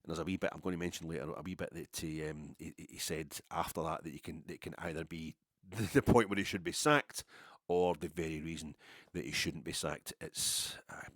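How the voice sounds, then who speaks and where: Deep-voiced rambling Scottish man. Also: brisk, fairly bright tone, dry recording, studio quality. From Scotland. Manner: rambling, self-deprecating storyteller with swearing. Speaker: podcast host. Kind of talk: casual rambling monologue.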